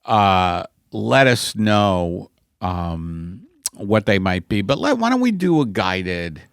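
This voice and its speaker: A man's voice: lowish voice, big pitch swings, slow pace, creaky, smooth, dry recording, clean studio sound. A man hosting a comedic podcast who laughs often and swings between mutters and outbursts. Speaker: podcast host. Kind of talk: comedic podcast chat and mock guided meditation. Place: podcast studio.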